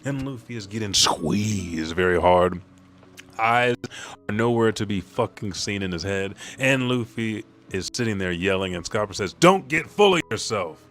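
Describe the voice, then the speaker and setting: A man's voice: on the low side, normal speed, a bit bright, a little hiss or hum. A man casually reading a comic aloud with offhand, profane commentary. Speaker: manga reader and commentator.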